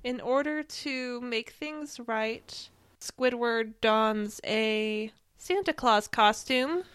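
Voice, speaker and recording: Giggly young woman podcast cohost, super bright clear voice, dry close sound. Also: a little high, very slow, no room sound. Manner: giggly, animated, laughs often. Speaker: podcast co-host. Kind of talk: casual chat.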